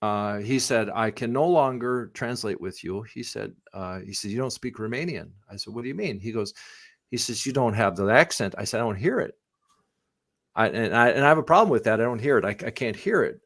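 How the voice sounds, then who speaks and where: A middle-aged man, a missionary pastor whose first language is English, answering questions in a live conversation, rambling with many restarts and growing animated when he tells stories. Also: lowish voice, brisk, no echo, studio quality. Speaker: missionary pastor and Bible translation theologian.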